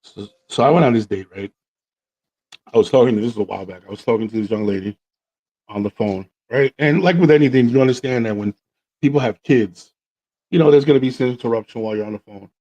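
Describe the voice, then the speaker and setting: Animated man telling a dating story. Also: medium pitch, fast, muffled recording. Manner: animated storyteller who acts out dialogue. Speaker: podcast host. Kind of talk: casual storytelling chat.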